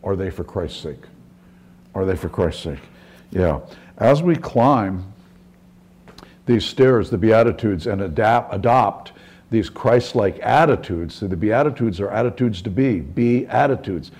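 A middle-aged pastor with a low, mellow voice and a husky edge delivers a sermon. He talks in a relaxed, story-driven way and often backs up to restart a phrase. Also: measured pace. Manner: conversational storytelling with frequent restarts.

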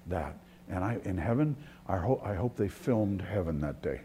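Male pastor, sermon, low voice, mellow tone, earnest with restarts. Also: expressive, moderate pace, hardly any pauses, a little hiss or hum. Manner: earnest, with restarts, dropping to near-whispers.

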